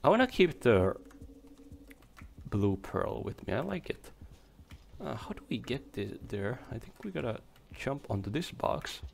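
Slow, gravelly young man gaming. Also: mid-range voice, big pitch swings. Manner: chatty, swears, talks to creatures on screen. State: hoarse, coughing. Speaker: let's play gamer. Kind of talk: casual gameplay commentary. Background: game music.

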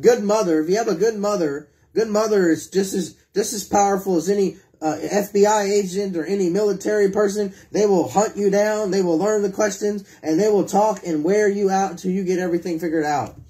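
A man's voice: sits high, brisk, dark tone. A man preaching a sermon, reading scripture and asking his listeners questions, and acting out prayers in a pleading voice. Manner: reads scripture and asks the congregation questions.

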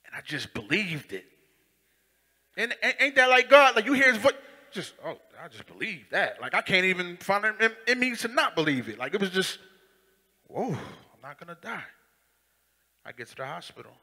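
A young adult man giving an animated spoken testimony on stage, acting out voices and swinging from loud to hushed. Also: high-pitched, gravelly. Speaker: Christian rapper giving testimony. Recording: long hall reverb.

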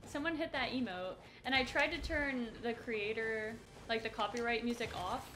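A woman's voice: a little high, moderate pace. A young woman streaming a game, chatting playfully and teasing her viewers. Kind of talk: casual gaming stream chat. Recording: noisy gaming stream audio.

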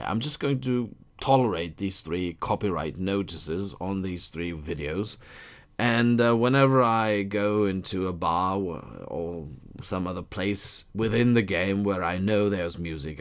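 A deep-voiced man talks casually to his viewers with a slow, unhurried pace. He hesitates often, fills gaps with ums, and slips in dry jokes. His pitch rises and falls in a lively way. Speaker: YouTube gamer and whisky vlogger. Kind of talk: casual chat to camera.

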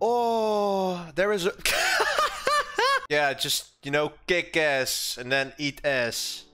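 Excitable high-voiced male game streamer. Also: extremely slow. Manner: excitable, swears often, yelps and exclaims at the game. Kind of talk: casual gameplay commentary.

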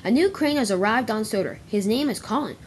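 A woman's voice: on the high side, lively intonation, brisk, a little hiss or hum, close to an everyday voice. A woman voicing a stout man in charge of a railway, speaking formally. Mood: announcing. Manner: announcing, formal.

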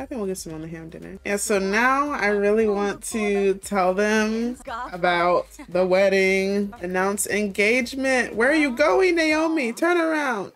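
A woman's voice: medium pitch, creaky. A young woman giving chatty, playful commentary while playing a life simulation game, laughing often. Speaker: gaming creator.

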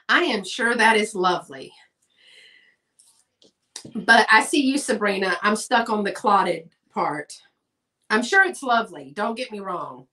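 A woman's voice: mid-range voice, lively intonation, measured pace, long pauses, bright, forceful tone, recorded from a distance. A woman, hosting a live sale in a chatty, folksy way and talking to viewers in the chat. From Texas. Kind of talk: casual live-stream selling chat.

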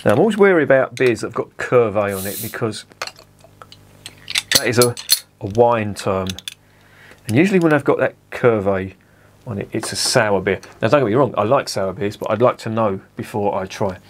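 A man's voice: lowish voice, expressive, moderate pace, background noise. A man chatting casually at home as he reviews a beer, often correcting himself. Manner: chatty, self-correcting, swears at the camera.

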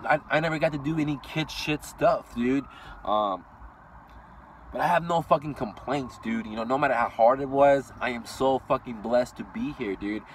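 A man's voice: mid-range voice, normal speed, far from the mic, a little hiss or hum. A man from Iran delivering a blunt, profane motivational rant as a vlogger, constantly swearing and tacking "dude" onto his lines. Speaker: vlogger and business owner.

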